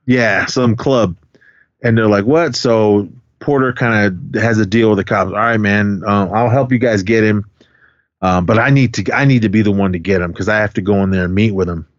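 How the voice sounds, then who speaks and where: A man's voice: fairly low pitch, normal speed, no room sound. A man co-hosting a podcast, casually retelling a film's plot in a rambling way with lots of fillers and quoted lines. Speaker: podcast co-host. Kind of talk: casual film recap chat. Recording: dull dry lo-fi sound.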